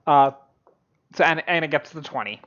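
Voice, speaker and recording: A man narrating as game master of a tabletop game, halting and full of fillers. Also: a little high, fairly bright tone. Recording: dull lo-fi audio.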